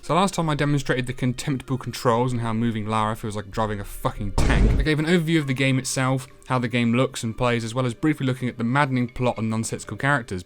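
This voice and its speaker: A man narrating a comedic retro game review, sardonic, crude and deadpan, swearing freely as he recaps the story. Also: mid-range voice.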